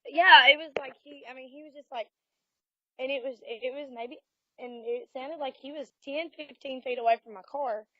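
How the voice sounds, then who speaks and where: Brief: Southern woman investigator, lively quotes, close dry mic. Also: high voice, normal speed, dry recording. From Alabama. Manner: animated storyteller, acts out quotes. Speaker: paranormal investigator guest. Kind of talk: casual storytelling interview. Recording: dull lo-fi audio.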